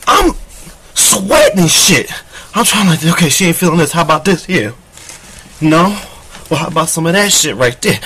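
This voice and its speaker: Profane, rambling man with a higher voice. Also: moderate pace, pushed and bright, slight background noise. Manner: boastful, profane, rambling storytelling. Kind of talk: crude comedic monologue.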